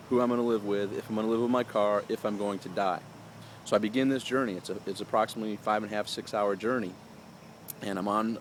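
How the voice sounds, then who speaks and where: A man's voice: lowish voice, slight background noise. A middle-aged man casually telling a personal story to camera in an earnest, chatty way, with fillers and restarts, recorded outdoors with lawn workers nearby.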